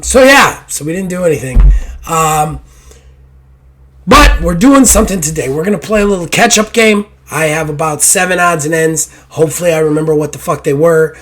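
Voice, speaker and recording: A hoarse man hosting a gaming podcast, rambling and self-deprecating in casual chat, swearing now and then. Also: a little high, normal speed, fairly bright tone. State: hoarse after illness. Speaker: podcast host.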